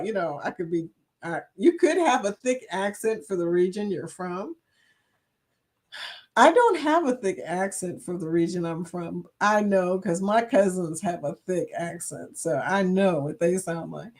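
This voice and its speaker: A woman's voice: mid-range voice, animated, measured pace, darkish tone. A woman from Chicago hosting a casual live chat, reading viewers' comments aloud and laughing often. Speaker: livestream host reading chat.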